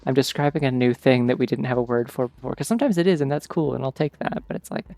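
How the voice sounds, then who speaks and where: A man's voice: medium pitch, fast, creaky, dark tone. A man streaming a game, chatting casually in a rambling way full of filler words. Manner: rambling, digressive, many "like" fillers. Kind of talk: casual chat while gaming. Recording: faint background game music.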